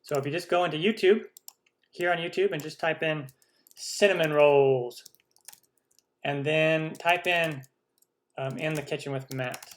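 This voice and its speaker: A man's voice: a little high, fairly even intonation, a little slow, pauses often. A man hosting a live cooking stream, chatty and enthusiastic as he reads out and answers viewer questions. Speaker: cooking channel host.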